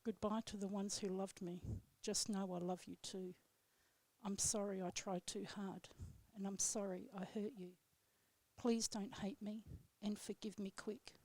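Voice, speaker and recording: A woman on live radio reading her own poem aloud in a steady, measured way, then chatting with the host. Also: mid-range voice, dry recording. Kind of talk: poetry reading, then casual chat. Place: radio studio.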